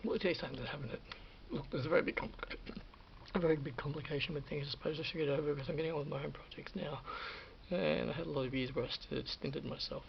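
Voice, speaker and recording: This fifty-ish vlogger talks fast in a gravelly, slightly high voice as he reminisces about film work. His casual story wanders, restarts, and sometimes falls to a whisper, and the dull lo-fi audio has some background noise.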